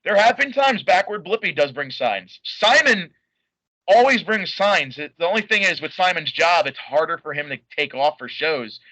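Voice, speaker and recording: A man's voice: fairly high pitch, lively intonation, normal speed, sharp tone, dry recording, rough recording. A man talking as a guest in a casual podcast interview, enthusiastic and rambling, with many fillers and restarts. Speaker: guest, wrestling fan.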